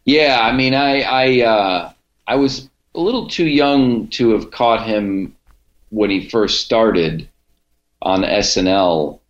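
A man's voice: lowish voice, takes it slowly. Laid-back rambling man, echoey room. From Cleveland, United States. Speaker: podcaster and comedian guest. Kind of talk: casual interview chat. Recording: dull, echoey room sound.

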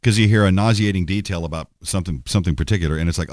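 A man's voice: sits low, rapid-fire, darkish tone, dry recording, studio quality. A middle-aged man hosting his own podcast, talking in a rambling, sardonic way with many restarts and fillers. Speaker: podcast host. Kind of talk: solo podcast monologue.

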